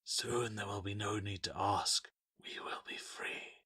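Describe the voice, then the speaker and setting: A man's voice: medium pitch, wildly swooping pitch, takes it slowly, creaky, pushed and bright, husky, no echo, clean studio sound, pitched above the performer's own voice, heavily acted. Storybook villain: man voicing a whispering, hissing statue creature, coaxing and urgent. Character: sinister whispering female tree statue. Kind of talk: audiobook narration.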